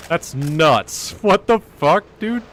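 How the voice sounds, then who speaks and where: Speaking slowly in a fairly high, animated voice with a slightly bright edge, this man rants profanely while streaming a game, leaning hard on "like." There's a faint hiss or hum in the recording.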